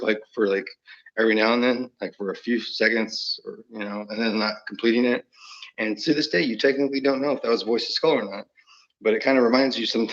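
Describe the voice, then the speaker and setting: A man's voice: mid-range voice, fairly bright tone, muffled recording. A man talking in a rambling monologue, chuckling often and slipping into quoted voices. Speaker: channel host.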